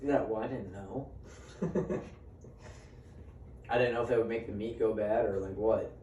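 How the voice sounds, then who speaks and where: Casual swearing storyteller in a roomy space. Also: male voice, on the low side, unhurried, warm tone, highs cut off, slight background noise. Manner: swears freely and acts out quoted dialogue. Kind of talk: casual storytelling among friends. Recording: roomy sound from a distant mic, faint ambience.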